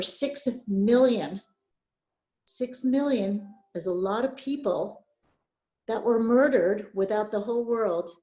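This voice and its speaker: A woman's voice: mid-range voice, dark tone. An older woman from Poland giving a personal testimony talk, earnest and emphatic, repeating key phrases. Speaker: Holocaust survivor speaker. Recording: echoey room.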